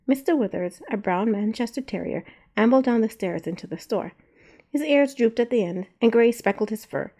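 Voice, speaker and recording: A woman narrating a story aloud in a measured, even reading. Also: on the high side.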